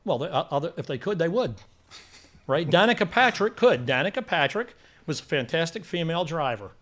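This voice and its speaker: A man's voice: fairly high pitch, fairly quick. An older man co-hosting a casual movie review chat, telling stories and acting out quotes with energy. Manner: animated storyteller, acts out quotes.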